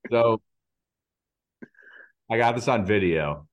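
Man in his thirties, podcast co-host. Low-pitched, casual storyteller, filler-heavy. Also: a little slow. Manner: storytelling, lots of likes. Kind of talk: casual chat.

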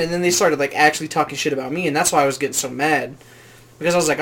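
A young podcast co-host chats casually, and his sentences wander as he piles on "like" fillers. His voice is a little high and moves around a lot in pitch. There is a faint noise under the recording. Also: lively intonation, very fast, a bit bright. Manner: rambling, heavy use of "like". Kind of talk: casual chat.

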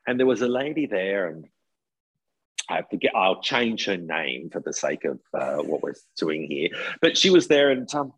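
Husky, lively man. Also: low voice, normal speed, dry recording, lo-fi sound. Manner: animated storyteller, jokey. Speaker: podcast co-host, former cooking show contestant. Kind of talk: casual chat.

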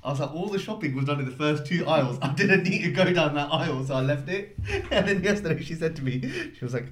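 A man co-hosting a casual podcast, telling a story in quick slang and laughing as he talks. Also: on the high side, animated. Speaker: podcast co-host. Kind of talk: casual banter. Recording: echoey room with faint noise.

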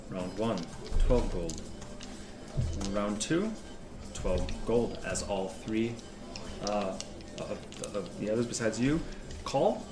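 Man running a tabletop game, rambling, animated, echoey room, music behind. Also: lowish voice, takes it slowly, pauses often. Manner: rambling, animated, frequent restarts. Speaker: game master. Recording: roomy echo with music behind.

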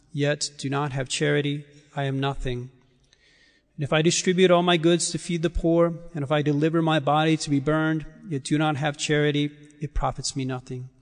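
A priest reading scripture and preaching a sermon in a measured, emphatic way with deliberate pauses. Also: male voice, a little high, vocal fry. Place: church. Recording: church hall reverb.

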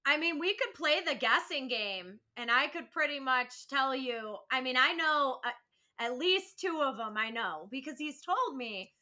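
A young woman co-hosting a casual podcast chat in a high, very bright voice. She is blunt, swears freely and laughs a lot as she talks. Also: animated, measured pace. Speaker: podcast co-host.

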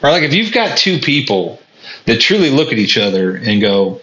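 This vlogger's medium-pitched male voice swings widely in pitch at a normal speed, with a fairly bright tone. He's delivering a personal, reflective monologue to camera about what life has taught him, speaking earnestly while often stumbling and repeating himself mid-thought. The sound is lo-fi and dull, with room echo.

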